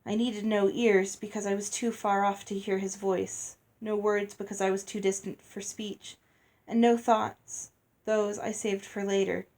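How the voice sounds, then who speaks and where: A woman reading a chapter of a novel aloud in a steady, measured storybook manner. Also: mid-range voice. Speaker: reader.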